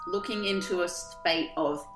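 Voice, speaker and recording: A woman co-hosting a podcast, recapping a play in a casual, comedic way and acting out the characters' lines in quick, animated bursts. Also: lowish voice, echoey room, over music.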